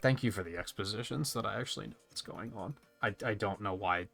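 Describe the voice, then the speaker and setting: A man's voice: on the low side, a little fast, gravelly, fairly bright tone, soft background music. A male streamer commenting sarcastically on a game as he plays, laughing and swearing casually.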